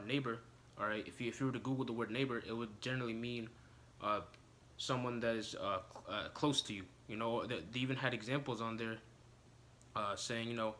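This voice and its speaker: Halting man preaching, bright voice. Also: medium pitch, a little hiss or hum. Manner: halting, many fillers and restarts, frequent "all right"; slows down to read verses aloud. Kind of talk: informal scripture teaching.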